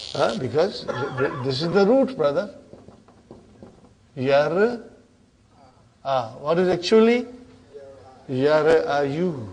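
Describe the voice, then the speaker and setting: A man teaching Arabic grammar in a classroom, speaking slowly and deliberately with a slightly raised pitch. He repeats verb forms aloud and keeps checking that his students follow, calling them "brother". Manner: drills conjugations aloud, checks with "huh?" and "brother".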